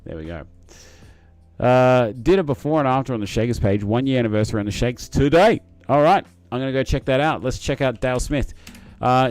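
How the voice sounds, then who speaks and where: A young man hosting a casual live stream, chatting to viewers in a rambling, matey way with lots of fillers and restarts. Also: mid-range voice. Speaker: livestream host reading chat.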